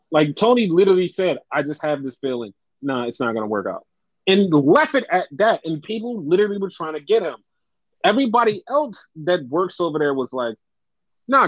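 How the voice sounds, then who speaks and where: This young male co-host has a fairly high-pitched voice and talks wrestling in a relaxed, lively way, swearing frequently and doing exaggerated impressions of fans. There's no echo; the podcast mic sounds dry and a bit dull.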